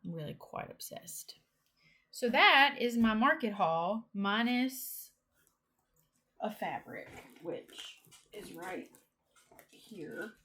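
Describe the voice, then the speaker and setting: A young woman casually chatting through a cross-stitch haul, excitable and gushing, with giggles. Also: medium pitch, takes it slowly, long pauses, slightly rough. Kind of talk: casual show-and-tell haul chat.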